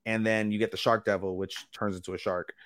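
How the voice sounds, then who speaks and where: Low-ish guy rambling through an anime recap, swears a lot, dead dry mic. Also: quick pace, no room sound. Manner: rambling, animated retelling with quoted character lines and swearing. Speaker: podcast co-host. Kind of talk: casual chat recapping anime.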